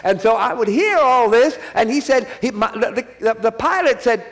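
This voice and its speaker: A man's voice: very high voice, animated, moderate pace, hardly any pauses. A man preaching a sermon at a church conference, repeating key phrases and calling for the audience to answer back.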